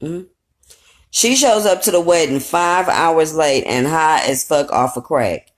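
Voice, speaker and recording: A woman's voice: sits low, animated, a little slow. A woman recapping a reality show in casual, rambling commentary, blunt and profane with a sassy edge. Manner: rambling with fillers and asides.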